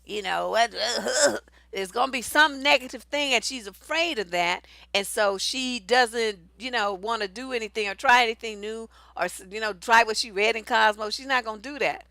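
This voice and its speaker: Blunt, animated woman coach. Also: fairly high pitch, moderate pace, few pauses, no room sound. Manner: blunt, profane, animated and conversational. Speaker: relationship coach. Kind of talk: candid personal storytelling and advice.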